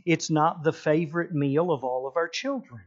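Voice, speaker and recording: A man's voice: a little high, normal speed, lo-fi sound. A middle-aged man, preaching a sermon and telling stories with acted-out voices. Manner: animated storytelling, acting out voices. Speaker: pastor.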